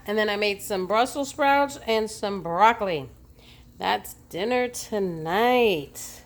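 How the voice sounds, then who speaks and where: A woman's voice: mid-range voice, expressive, a little slow. A woman vlogging in her home kitchen, chatting casually as she talks through each cooking step.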